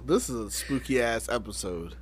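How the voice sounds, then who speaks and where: A podcast co-host reacting in casual chat, with slow, sing-song remarks. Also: mid-range voice, lively intonation, slightly rough.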